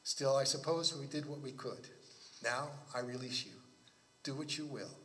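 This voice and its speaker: A man voicing a dying middle-aged butcher who speaks in a raspy, resigned way. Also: medium pitch, fairly even intonation, moderate pace, sharp tone, big-room sound, natural voice.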